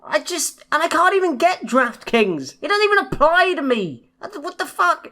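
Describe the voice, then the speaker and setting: A woman's voice: very high voice, sing-song, normal speed, bright, forceful tone. Young woman on a podcast going off, swearing a lot, fed up. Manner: sweary, exasperated ranting. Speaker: podcast co-host. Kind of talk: casual chat.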